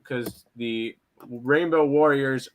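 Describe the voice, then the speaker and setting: A man's voice: mid-range voice, slow. A man giving sports betting picks in casual chat, blunt, with frequent fillers.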